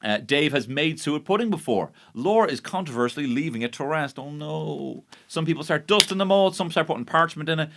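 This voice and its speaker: A man's voice: fairly high pitch, animated, fairly quick, creaky, hardly any pauses, heavy background noise. A man with an Irish accent hosting a podcast, recapping a baking show in a sarcastic, sweary, mock-outraged monologue. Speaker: podcast host. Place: podcast studio.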